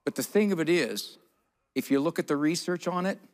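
A man's voice: fairly high pitch, lively intonation, a little fast, a little mellow. A man giving a live parenting talk on stage, teasing audience volunteers and chuckling as he goes. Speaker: parenting speaker. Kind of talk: live seminar talk with audience role-play.

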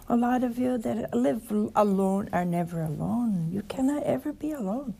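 A woman preaching a sermon, telling scripture stories with lively asides and chuckles. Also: a little high, moderate pace, gravelly, hardly any pauses, slightly rough. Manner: animated storytelling with asides and laughter.

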